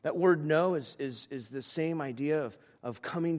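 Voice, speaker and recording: A man, a pastor, delivering a sermon with frequent restarts that builds to emphatic, louder preaching. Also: a little high, normal speed, hardly any pauses.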